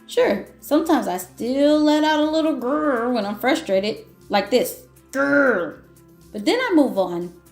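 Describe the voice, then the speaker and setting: A woman reading aloud as a once-grumpy grape who has learned to forgive, in a gentle, reflective storybook manner. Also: high-pitched, animated, measured pace, few pauses, echoey room, soft background music. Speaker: children's book reader. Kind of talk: picture book read-aloud.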